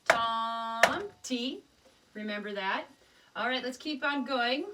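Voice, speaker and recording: A woman's voice: fairly high pitch, slow, far from the mic, heavy background noise. A woman teaching a children's music lesson, patiently explaining rhythms step by step and chanting rhythm syllables.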